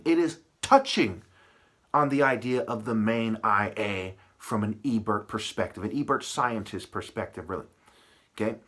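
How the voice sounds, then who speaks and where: A man's voice: medium pitch, a bit bright. A man delivering a profane, aggressive, rambling monologue full of rhetorical questions. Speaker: vlogger.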